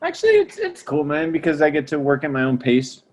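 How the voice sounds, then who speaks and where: A man with a fairly high speaking voice tells stories in an easygoing chat. He is lively and slangy and keeps dropping "man" into his sentences, in the relaxed manner of a music teacher talking with a friend. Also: a little fast. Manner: animated, slangy, peppers lines with "man". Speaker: music teacher and salsa trumpet player. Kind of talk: casual storytelling chat.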